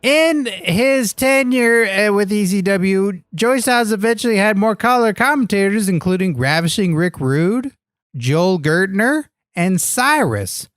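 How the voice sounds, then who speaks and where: A goofy man trading deadpan banter on a comedy podcast. His pitch swoops up and down all over the place, and the sound is dry and close. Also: measured pace, no echo, soft background music. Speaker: podcast co-host.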